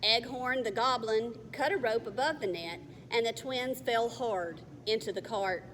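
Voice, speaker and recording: A woman reading a children's novel aloud in a careful, measured way. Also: on the high side, a bit bright. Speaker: narrator. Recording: faint long reverb, faint hiss.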